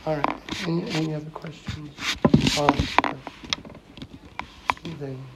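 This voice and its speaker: Gravelly rambling man telling stories. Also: on the high side, a little slow, long pauses, heavy background noise. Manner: rambling, anecdotal storyteller. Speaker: guest speaker answering questions. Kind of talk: informal talk and Q&A.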